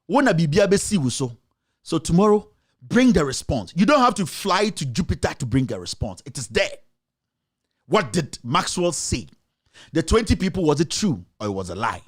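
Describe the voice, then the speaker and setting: This Ghanaian journalist and show host has a high, very animated voice at normal speed, broken by long pauses. His political commentary is heated and full of accusing rhetorical questions.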